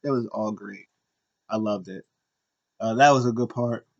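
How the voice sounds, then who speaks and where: A man's voice: fairly low pitch, moderate pace, vocal fry, dull audio. Man rambling through a wrestling recap. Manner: rambling, animated retellings with frequent fillers and restarts. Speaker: podcast host.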